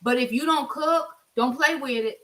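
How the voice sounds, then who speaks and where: Middle-aged woman cooking at home, talks right at the viewers with blunt advice, bright kinda high voice, mic a bit far off. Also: normal speed. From United States. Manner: chatty, gives blunt advice straight to viewers. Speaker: cooking vlogger. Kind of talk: casual cooking vlog. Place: home kitchen.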